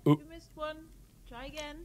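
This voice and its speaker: A woman voicing a soft-spoken mother of a small child in a video game, speaking in gentle, coaxing instructions. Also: high-pitched, moderate pace. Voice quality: hushed and distant. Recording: quiet game audio, background noise. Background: steady noise.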